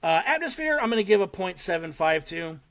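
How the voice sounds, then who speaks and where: A young man hosting a podcast, casually and excitedly retelling a short horror film with swearing and laughter. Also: sits high, brisk. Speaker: podcast host. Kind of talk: casual chat.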